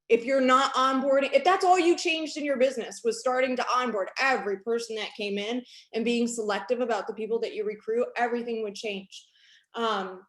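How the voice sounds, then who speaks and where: A woman with a fairly high voice tells her own story with candid, emphatic energy and leans on repetition to make her point. She is recorded in a room with a noticeable echo. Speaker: host. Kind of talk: personal storytelling talk.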